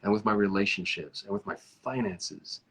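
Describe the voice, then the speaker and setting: A man with a low, husky voice hosts a relaxed chat over a video call. He tells stories with a lot of animation and slows down now and then to think. The sound is plain video-call audio. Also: low-quality recording. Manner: animated storyteller, often stretching out reflective phrases. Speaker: host.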